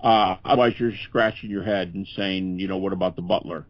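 An older man, a scholar guesting on a podcast interview, speaks earnestly and conversationally, often restarting his sentences. His deep voice is steady and brisk, with no room sound, though the podcast audio is dull and lo-fi.

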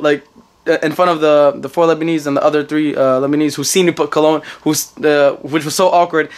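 A young man in his twenties with a New York accent, telling a rambling story to camera in a casual vlog, repeating himself and laughing often. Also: a little high. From United States. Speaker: vlogger.

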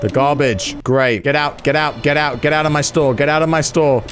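A man hosting a gaming video, giving excitable let's-play commentary, swearing and yelling in reaction. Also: a little high, normal speed, noisy background.

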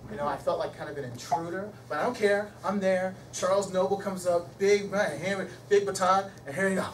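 A man's voice: high-pitched, brisk. Man, middle-aged, storytelling lecture, recorded from a distance, roomy hall, background noise. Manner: animated, shifts between loud excitement and hushed emotion. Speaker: guest speaker and musician. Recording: echoey hall from far off, noisy.

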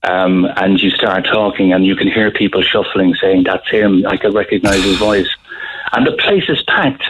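A middle-aged Irish man telling a story in a radio interview, halting, with many restarts. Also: low voice, fairly bright tone, breathy edge. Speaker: guest author. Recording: phone-line audio.

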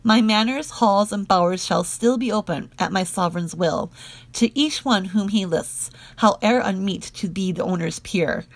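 A woman's voice: mid-range voice, moderate pace, no room sound, close to an everyday voice. A woman reading the lines of a fierce old earl in a stern, wrathful tone.

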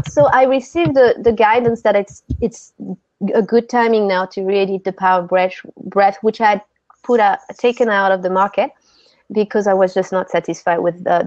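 A woman's voice: medium pitch, fairly even intonation, moderate pace, darkish tone, dry recording, lo-fi sound. A woman with a French accent, a guest being interviewed about breathwork, talking earnestly and often restarting her sentences. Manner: earnest, gropes for words with many restarts. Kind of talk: interview conversation.

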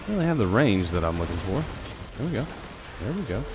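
A man giving casual live commentary on his own gameplay, talking to himself and his viewers and jumping into high excited yelps. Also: quick pace, background noise. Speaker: game streamer.

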